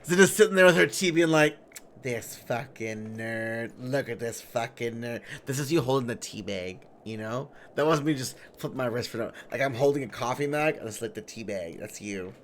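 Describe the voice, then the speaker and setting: A woman's voice: very deep voice, lively intonation, fairly quick, hardly any pauses, a little hiss or hum. A young woman streaming a game, chatting in a playful, bubbly way, giggling and swearing freely. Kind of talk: casual live-stream chat while gaming.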